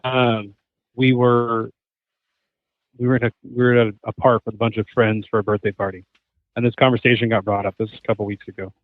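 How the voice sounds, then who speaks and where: A man's voice: medium pitch, a little fast, no echo. A man in his thirties, a hunter and chef guest on a podcast, telling stories animatedly and acting out what others said. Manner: animated storyteller, acts out quotes. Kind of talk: casual podcast chat. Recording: tinny phone-like remote line.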